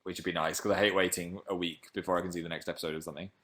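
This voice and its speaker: Rambling, jokey man on a livestream. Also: very fast. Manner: rambling, jokey, with sudden excited jumps in pitch and volume. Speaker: livestream host reading viewer comments. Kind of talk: casual chat.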